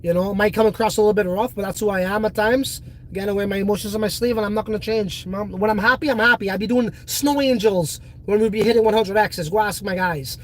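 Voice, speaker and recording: A man's voice: sits high, quick pace, rough recording. A man hosting a casual livestream, talking bluntly and profanely and often ranting in a fired-up way. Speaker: livestream host.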